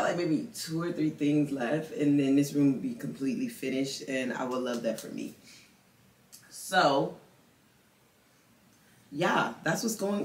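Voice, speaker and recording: A woman's voice: echoey room, far from the mic. A young woman vlogging casually at home, chatting about her room and later cooing at her dog. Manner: chatty, talks baby talk to her dog in a high voice. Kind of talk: casual vlog chat.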